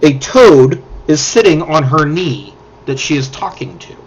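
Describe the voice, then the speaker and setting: A man running a tabletop game as dungeon master, narrating scenes in a relaxed, descriptive way. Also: a little high, measured pace, breathy edge. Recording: dull lo-fi audio.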